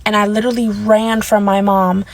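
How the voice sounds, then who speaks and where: A woman telling a personal story in a casual, candid storytime, blunt and animated, sometimes swearing. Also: mid-range voice, normal speed. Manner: animated, indignant retelling.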